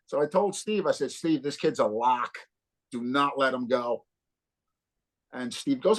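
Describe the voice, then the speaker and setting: A man's voice: a little high, moderate pace. A man in his fifties from New Jersey, a guitarist telling stories in a casual interview and acting out the dialogue with a lot of swearing. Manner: animated, profane storyteller acting out dialogue. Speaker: guest guitarist.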